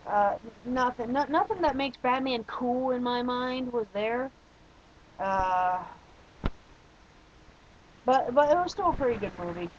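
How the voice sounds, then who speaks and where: Young man, casual home review, opinionated, halting restarts, slightly dull lo-fi sound. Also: extremely high pitch, expressive, slight background noise. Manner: rambling, opinionated, frequent restarts and fillers. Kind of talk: casual spoken movie review.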